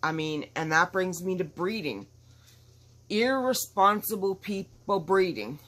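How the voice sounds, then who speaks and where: A woman's voice: lowish voice, unhurried, fairly bright tone. A woman vlogging at home in casual chat, talking in an emphatic, rambling and outspoken way. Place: at home with dogs nearby.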